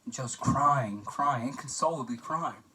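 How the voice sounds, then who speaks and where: A man's voice: medium pitch, a little slow, sharp tone, recorded from a distance, a little hiss or hum, poor audio. A young man giving a casual, joking best-man toast for a class assignment, telling anecdotes with plenty of fillers.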